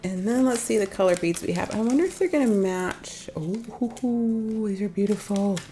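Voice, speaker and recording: This toy unboxing host speaks fairly quickly in a mellow, medium-pitched voice with lively intonation, over slight background noise. Sounding a bit off from being ill, she threads beads while chatting straight to her audience, fixing her own slips and laughing softly.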